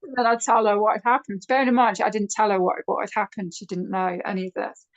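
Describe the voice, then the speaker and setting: A middle-aged woman, chatty and animated, telling a personal story as a podcast guest. Her pitch sits in the middle of the female range, and she rushes and slows as the story builds. She is heard over a video call. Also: dull audio. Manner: chatty, animated when quoting others. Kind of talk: casual storytelling interview.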